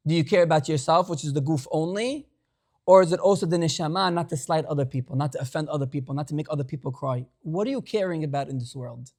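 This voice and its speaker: A male rabbi delivering a sermon through a story. He speaks animatedly, moving between hushed asides and loud, emphatic lines. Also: on the high side, brisk.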